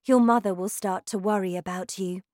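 A woman reading aloud who voices a gentle, kind young woman teacher, speaking softly and calmly. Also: mid-range voice, normal speed, no echo, clean studio sound, close to an everyday voice. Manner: soft, calm.

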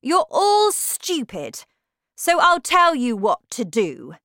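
A woman voicing a cruel, bossy female witch leader who shouts her orders with scorn, in a storybook reading. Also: high voice, huge pitch swings, takes it slowly, no room sound, clean studio sound, voice pushed up, exaggerated voice. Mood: scornful, commanding. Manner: shouting, commanding, contemptuous.

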